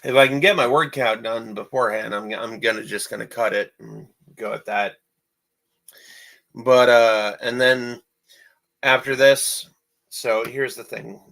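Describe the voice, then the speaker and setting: Gravelly-voiced man rambling in a vlog. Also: mid-range voice, fairly even intonation, unhurried, fairly bright tone, poor audio. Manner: rambling, repeats himself, many fillers. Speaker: amateur animator and writer. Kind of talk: casual vlog monologue.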